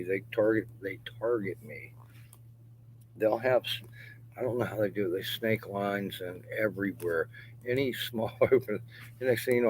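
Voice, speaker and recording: Deep-voiced man rambling and cursing. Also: a little mellow, a little hiss or hum, low-quality recording. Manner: profane, rambling, laughs between phrases; drops to mutters and whispers. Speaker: vlogger. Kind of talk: rambling monologue. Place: outdoors in a yard.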